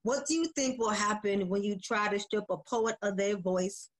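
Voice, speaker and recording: A woman educator with a middle-pitched voice talks loosely and with feeling over her phone on a video call. She moves into spoken word poetry, delivered slowly and with force. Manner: laid-back and emotional in chat, slow and forceful when reciting. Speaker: educator and poet.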